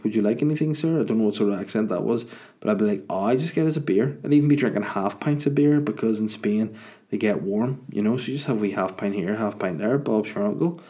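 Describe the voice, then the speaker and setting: A man talks in a loose, rambling monologue. He rants and swears freely in a lowish, warm, mellow voice. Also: fast talker. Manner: chatty, ranting, swears freely.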